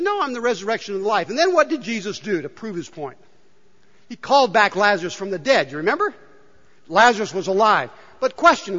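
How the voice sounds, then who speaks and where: A man's voice: sits high, a bit bright. A man preaching a sermon to his congregation, emphatic and full of rhetorical questions. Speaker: pastor. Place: church sanctuary. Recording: dull, reverberant church hall.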